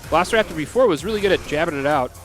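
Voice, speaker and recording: A man's voice: a little high, expressive, racing, a bit bright, faint music behind. A man with an American accent giving analytical, casual color commentary at a fighting-game tournament. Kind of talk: live esports commentary.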